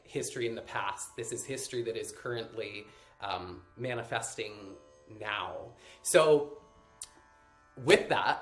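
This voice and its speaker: A man's voice: medium pitch, fairly bright tone, roomy sound. A man teaching a live-streamed workshop on mantra chanting, patiently explaining pronunciation step by step. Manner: hesitant, many fillers and restarts.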